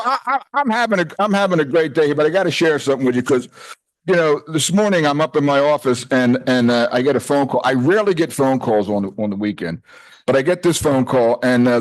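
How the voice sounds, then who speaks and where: A man's voice: medium pitch, animated, quick pace. An older man giving a loose, chatty talk at a retreat, joking and often wandering off his point. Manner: chatty, rambling, self-interrupting, jokey. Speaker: retreat speaker. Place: retreat house hall.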